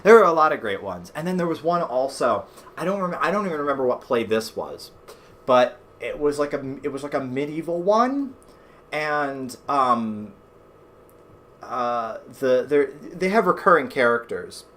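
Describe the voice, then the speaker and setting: A man's voice: mid-range voice, sing-song, moderate pace, a bit bright, a little hiss or hum. A man hosting a let's play, chatting casually and rambling with lots of fillers and swearing. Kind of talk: casual gameplay commentary.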